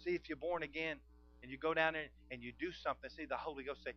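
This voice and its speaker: A man preaching. He calls out to the congregation and swings between hushed and loud. The recording sounds dull and lo-fi, as if taped in a church sanctuary. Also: fairly high pitch, steady tone, quick pace. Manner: emphatic preaching with call-and-response, swinging from soft to loud. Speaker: pastor. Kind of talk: sermon.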